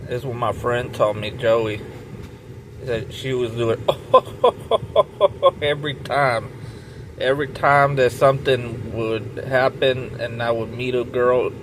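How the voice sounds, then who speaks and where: A man rambles through a profane comic story, his voice swinging up and down as he retells a friend's words. He talks slowly and takes his time. Steady car engine hum sits under the recording. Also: mid-range voice, low-quality recording. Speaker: comedian.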